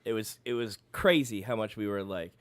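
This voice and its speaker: Profane, animated man telling a story. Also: on the low side, fairly quick, no echo. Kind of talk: casual storytelling chat.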